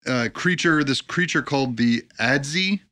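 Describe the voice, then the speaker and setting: A man at an ordinary, mid-height pitch, co-hosting a relaxed talk show. He reads from his notes in a loose way, stumbles over hard words and slips in jokes. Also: moderate pace. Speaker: podcast co-host. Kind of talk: casual chat.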